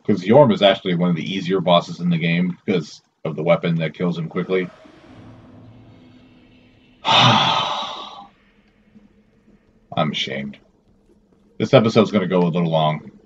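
A man's voice: sits low, fairly even intonation, fairly quick, muffled recording, slight background noise. A man giving casual let's play commentary, swearing, scolding himself and talking to the characters on screen. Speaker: gameplay commentator.

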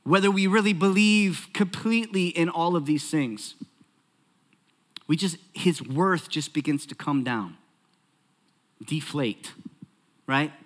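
A man preaching a sermon in a church, conversational and animated, joking and acting out little asides. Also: a little high, takes it slowly, pauses often. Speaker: pastor.

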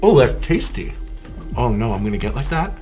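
A man's voice: medium pitch, brisk, soft background music. A man from Montreal, a guest telling stories with lots of swearing in a casual interview while eating hot wings. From Montreal, Canada. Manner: profane, animated storyteller.

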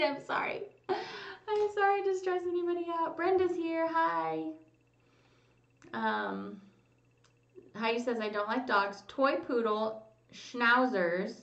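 A chatty woman hosts a casual livestream, reading comments aloud and humming little tunes while she waits. Her voice sits a touch high with a gravelly edge. The sound is dull and lo-fi, with a roomy echo around it. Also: recorded from a distance. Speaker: livestream host. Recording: lo-fi roomy home stream audio.

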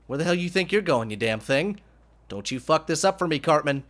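A man narrating his own gameplay in a loose let's play style, with a voice that keeps cracking. His pitch swings widely as he reacts, and he swears casually and coaxes the creatures on screen. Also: a little fast. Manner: excitable, swears casually, talks to the animals. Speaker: gaming YouTuber.

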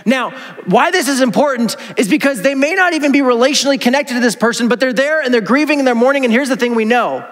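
A man preaching a sermon as pastor, animated and conversational, acting out quoted voices with asides to the congregation. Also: extremely high pitch, fast. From North America. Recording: long hall reverb.

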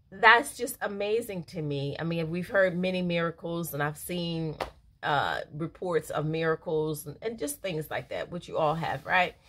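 A woman's voice: fairly low pitch, fairly bright tone. A middle-aged woman reading a daily devotional aloud and reflecting on it in a casual, earnest, emotional way, laughing easily. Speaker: devotional speaker.

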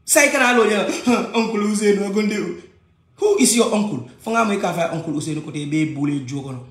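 A high-voiced man with a Gambian accent delivers an agitated personal rant, circling back to the same complaints. His voice bounces around an echoey room. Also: quick pace, a bit bright. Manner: agitated, switching languages, repeating points.

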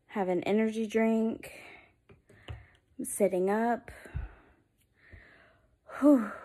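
A woman's voice: medium pitch, warm tone. A tired young woman chatting casually to her vlog camera at home, sleepy and self-deprecating. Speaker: vlogger.

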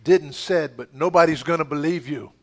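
In a church sanctuary, a middle-aged pastor leads a charismatic healing prayer, fervent and commanding. His slightly high voice moves fairly quickly, swinging between loud shouted rebukes and hushed murmurs.

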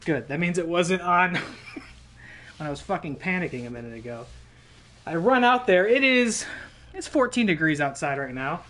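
A man's voice: on the high side, lively intonation, moderate pace, long pauses, fairly bright tone. A man streaming a video game, telling a rambling, profane story in casual live-stream chat.

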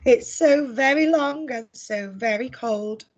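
A woman voicing a high, plaintive storybook giraffe. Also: slow pace, muffled recording. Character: sad shivering giraffe, gentle.

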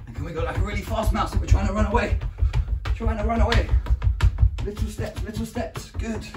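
Speaking over music at a moderate pace with long pauses, an English-accented man leads young kids through a home PE lesson. This primary school PE teacher encourages, counts down, praises them a lot, and roars, squeaks and makes animal noises. The room is echoey and the mic distant.

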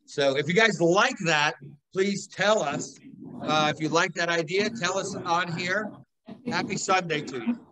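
A man's voice: high-pitched, measured pace, sharp tone, poor audio. A man hosting a casual show, chatty and upbeat. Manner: chatty, upbeat, laughs along. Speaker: host.

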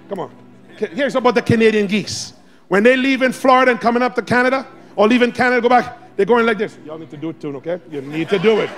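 Pastor guy preaching hard in church, high voice, soft music underneath. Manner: exhorting, calls on the congregation to respond; lively, swings between loud shouts and quiet asides. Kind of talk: sermon. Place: church sanctuary.

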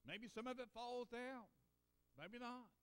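High-voiced preacher in a reverberant church. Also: male voice, slow pace, clear, resonant tone. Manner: earnest, emphatic, swings between loud and hushed. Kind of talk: sermon. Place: church sanctuary.

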